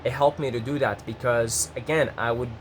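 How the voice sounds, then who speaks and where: Rambling, excitable young man vlogger. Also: moderate pace, a little hiss or hum. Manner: rambling, self-interrupting, lively pitch jumps when excited. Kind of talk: casual talk to camera.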